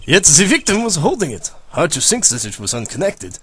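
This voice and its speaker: A man voicing a suave, smug young male rock-star prosecutor, reading game dialogue aloud in a smooth, theatrical way. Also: fairly high pitch, big pitch swings, a little fast, pushed and bright, slight background noise.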